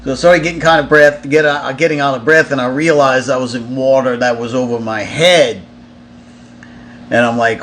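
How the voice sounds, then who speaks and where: A man's voice: medium pitch, steady tone, moderate pace, a bit bright, a little hiss or hum. A man, a touring musician, casually telling a story in a loose, profane way, with lots of fillers and restarts.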